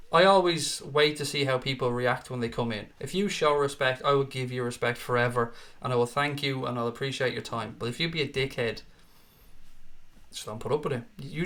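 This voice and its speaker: On his casual live stream, a young Irish man reads out chat comments and gives blunt, profanity-laden answers. His voice is medium-pitched with a fairly bright tone.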